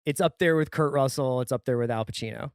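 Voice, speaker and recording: A man co-hosting a casual movie podcast, talking in a halting way full of fillers. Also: medium pitch, dry recording, studio quality. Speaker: podcast co-host.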